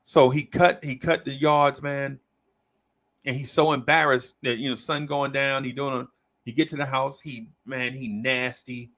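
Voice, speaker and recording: A man's voice: medium pitch, measured pace. A man on a podcast telling a long story in casual chat, acting out the people in it. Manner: animated storyteller, acts out quoted voices. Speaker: podcast host.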